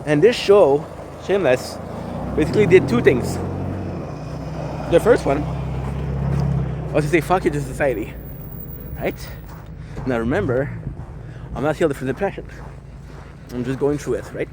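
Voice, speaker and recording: A man's voice: a little high, moderate pace, pauses often, noisy background. A man talking casually to his camera while skateboarding outdoors in the snow, rambling and swearing as he reflects. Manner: rambling, profane, self-reflective. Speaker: vlogger. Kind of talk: casual vlog monologue. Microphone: handheld camera, self-filmed. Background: faint street ambience and passing cars.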